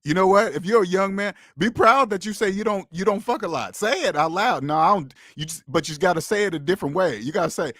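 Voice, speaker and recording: A man's voice: on the high side, expressive, a little fast, no room sound, studio quality. A man hosting a casual livestream, talking to viewers in an emphatic, preachy way and repeating his points. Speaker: host of a personal finance livestream.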